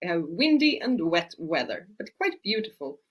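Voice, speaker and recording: A woman's voice: on the low side, very animated, moderate pace, slightly rough. A middle-aged woman from Sweden, a native Swedish speaker, hosting a webinar as an Ayurvedic practitioner, chatty with many fillers. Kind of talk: casual webinar talk.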